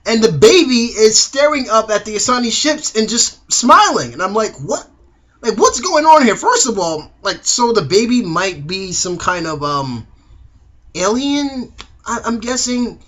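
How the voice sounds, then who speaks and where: A man's voice: high-pitched, expressive, unhurried, pushed and bright. A young man reviewing a TV episode in a casual, slangy way, acting out the characters' lines.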